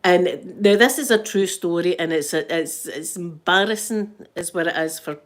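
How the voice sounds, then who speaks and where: A woman's voice: lowish voice, normal speed. A middle-aged Scottish woman chatting on a livestream, telling stories with lots of restarts and laughs. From Scotland. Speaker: livestream host. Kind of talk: casual chat reading live comments.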